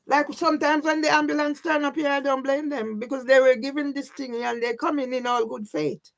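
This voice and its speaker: In a high, level-toned, creaky voice, a woman vlogger talks fairly quickly with hardly any pauses, straight to her own camera. Her emotional personal monologue is agitated and full of swearing and a questioning "yeah?"; she sounds sleepless and overwrought.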